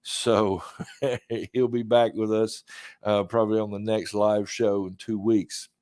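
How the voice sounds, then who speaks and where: A man's voice: fairly low pitch, flat delivery, slow, a little mellow, no echo, clean studio sound. A man in his fifties with a Southern US accent, hosting a podcast in a rambling, laid-back way and chuckling often. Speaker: podcast host. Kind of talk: casual chat.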